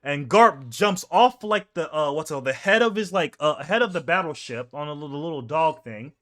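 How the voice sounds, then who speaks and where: A man's voice: fairly high pitch, lively intonation, normal speed, a bit bright. A young man casually reading through a manga chapter, rambling and correcting himself as he goes. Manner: rambling, self-correcting, chuckling. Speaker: manga reaction host.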